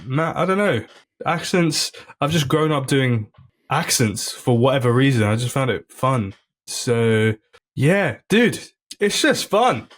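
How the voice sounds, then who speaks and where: A relaxed man talks as a podcast guest. He is chatty and easygoing, breaking into laughs often. His voice sits at an ordinary middle pitch. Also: slow pace. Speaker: comedian guest. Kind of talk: casual podcast chat.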